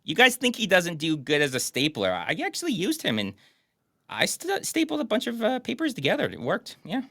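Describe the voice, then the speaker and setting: A man's voice: high-pitched, wildly swooping pitch, brisk, creaky, bright, forceful tone, no echo, studio quality. A man co-hosting a casual podcast, bantering and joking about a movie. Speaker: podcast co-host. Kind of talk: casual chat.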